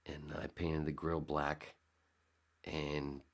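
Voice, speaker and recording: A man's voice: extremely low pitch, completely flat delivery, takes it slowly, gravelly. A man hosting his own podcast, rambling casually and sarcastically, swearing freely. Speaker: podcast host. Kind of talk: casual solo podcast talk.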